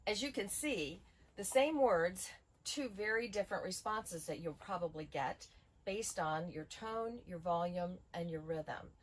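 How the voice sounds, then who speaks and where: A middle-aged woman calmly explaining communication skills in a training video, giving examples. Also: on the low side, a little slow, low-quality recording. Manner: calm, explanatory, gives examples. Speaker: school bus safety trainer.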